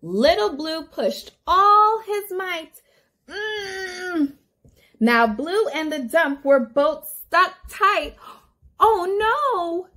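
A woman's voice: high voice, animated, slow pace, hardly any pauses, pushed and bright. A woman speech therapist reading a picture book aloud to toddlers in a sing-song way with gasps of wonder.

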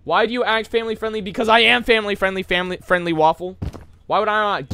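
A young man streaming a game, joking with chat and breaking into loud yelling bursts. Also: high voice, fast, clear, resonant tone. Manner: hyper, jokey, bursts of yelling. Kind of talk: live game streaming commentary.

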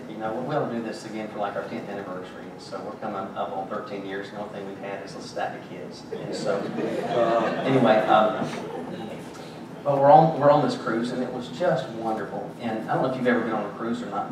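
A pastor preaches to his congregation, telling stories and joking dryly between points. His voice booms around a very echoey sanctuary, picked up from a distance with steady background noise. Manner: conversational, joking storytelling preacher. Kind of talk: sermon. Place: church sanctuary.

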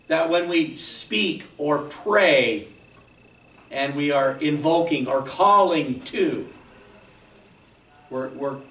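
The sermon comes from a male pastor in a church sanctuary, his voice slightly high and a bit bright. He explains patiently and checks in often with "okay?". The audio is poor, with echo and a distant mic.

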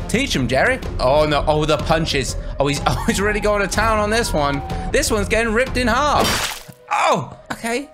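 An excitable man from Wales commentates on a game, laughing and calling out to the characters on screen. His pitch swings widely, and it often shoots up sharply. Game music plays clearly behind him. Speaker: gaming YouTuber.

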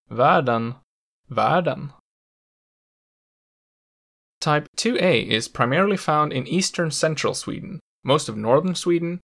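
Gravelly man explaining language patterns. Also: medium pitch, a bit bright. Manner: explanatory, with playful asides. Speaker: language educator. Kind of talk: scripted educational narration.

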